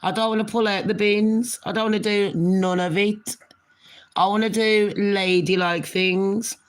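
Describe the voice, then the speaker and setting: A woman's voice: mid-range voice, fairly even intonation, measured pace. A middle-aged woman, chatting casually to her viewers in a rambling, cheeky way while she has a cold and a cough. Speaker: vlogger. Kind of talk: casual rambling chat to camera.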